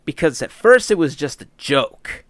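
Tired, animated male podcast host. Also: on the high side, normal speed, no room sound, clean studio sound. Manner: jokey and rambling, tired and trying not to yawn. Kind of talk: casual chat with sponsor reads.

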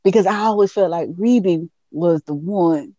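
A woman co-hosting a podcast, telling a story in an animated way with lots of laughter and quoted voices. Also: on the low side, normal speed, dry recording, muffled recording. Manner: animated storytelling, laughs often, lively quoting. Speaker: podcast co-host. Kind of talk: casual chat. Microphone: headset.

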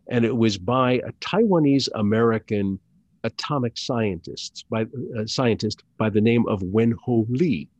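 A middle-aged man, an actor and audiobook narrator, speaking as an interview guest in a deliberate, hesitant way with many fillers and restarts. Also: medium pitch, a little mellow, dry recording. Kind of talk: conversational interview. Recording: dull lo-fi dry sound.

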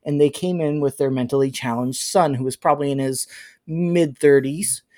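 A man on a podcast telling a work story in casual chat, even and matter-of-fact. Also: medium pitch, normal speed.

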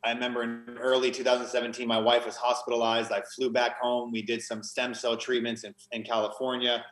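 A man's voice: mid-range voice, monotone, a little fast, a bit bright. Earnest man recounting his story, echoey. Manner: earnest, emotional storytelling with frequent restarts. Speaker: podcast guest. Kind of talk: conversational testimony.

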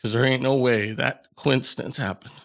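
A man's voice: medium pitch, steady tone, normal speed, creaky. A man who is a podcast guest, telling a story in a casual way and acting out the dialogue he quotes.

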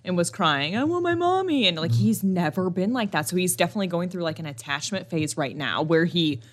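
A young woman co-hosting a podcast, telling stories in a casual, animated way with lots of laughter. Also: on the low side, a little fast. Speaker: podcast co-host. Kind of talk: casual chat.

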